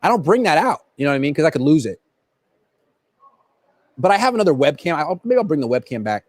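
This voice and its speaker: Host, male, fairly high voice, swings up and down a lot, jokey rambling livestream chat. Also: fast, no echo. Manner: joking, rambling, animated. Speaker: sports reporter and host. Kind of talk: casual livestream chat answering viewer questions. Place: at a football stadium. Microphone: laptop built-in camera mic.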